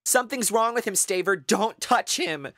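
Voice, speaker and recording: A panicked teenage girl shrieking for help, voiced by a man, her voice pushed high and loud in terror. A storybook horror figure read close and dry. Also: big pitch swings, measured pace, husky, no echo, heavily acted. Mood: terrified. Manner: panicked, screaming.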